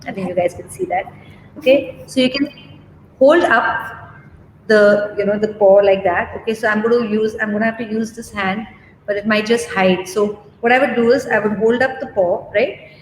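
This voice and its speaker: A woman, a dog groomer giving a relaxed live demo and answering questions, chatty and reassuring, often checking "okay?". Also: medium pitch, moderate pace. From India. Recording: roomy echo, faint background noise.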